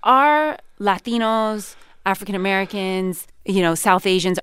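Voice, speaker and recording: A woman's voice: medium pitch, a little slow, fairly bright tone, clean tone, no echo. A woman with a Californian accent hosting an interview in a studio, asking direct, probing questions. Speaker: podcast host. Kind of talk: conversational interview.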